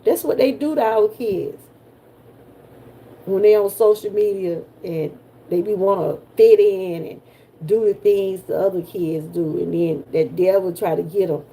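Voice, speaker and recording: Speaking to her viewers directly and folksily, this livestream host is an older Georgia woman with a Southern US accent. She has a mellow, mid-range voice and a measured pace as she leads a casual chat.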